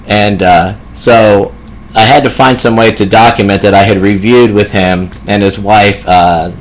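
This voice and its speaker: Gravelly low-voiced man in his fifties telling stories. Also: a little hiss or hum, poor audio. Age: 50s. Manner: reflective, laughs often, warm-humored. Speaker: hospice nurse. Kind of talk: personal storytelling.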